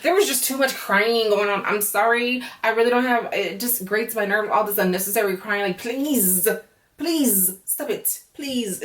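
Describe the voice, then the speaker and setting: A woman's voice: mid-range voice, far from the mic. A woman giving a blunt, sarcastic recap of a reality show in a casual chat at home.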